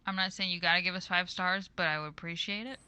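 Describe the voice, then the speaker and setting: A woman's voice: lowish voice, fairly even intonation, fast talker, pushed and bright, clear, resonant tone. A woman co-hosting a casual podcast, chatty and laughing often. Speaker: podcast co-host.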